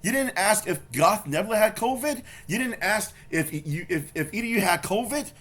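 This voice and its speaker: A man's voice: high-pitched, animated, normal speed, a bit bright. A man doing angry reaction commentary, confrontational and swearing, repeating his points over and over. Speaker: YouTube commentator.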